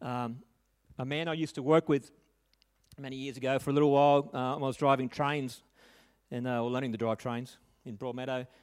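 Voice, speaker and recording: A man's voice: medium pitch, steady tone, brisk, clear, resonant tone. Earnest man preaching. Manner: earnest, conversational, with tag questions and restarts. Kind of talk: sermon with personal story.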